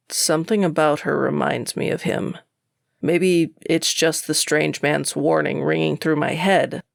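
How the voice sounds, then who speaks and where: Gravelly woman narrating an audiobook. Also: sits low, no room sound, clean studio sound. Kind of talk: first-person audiobook narration.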